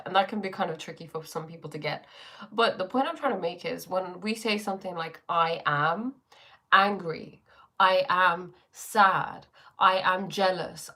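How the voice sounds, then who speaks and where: Female host, spiritual livestream, lowish voice, reflective, sore throat, home webcam feel. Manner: reflective, greets viewers, many fillers. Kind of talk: casual spiritual talk on a livestream. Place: her bedroom.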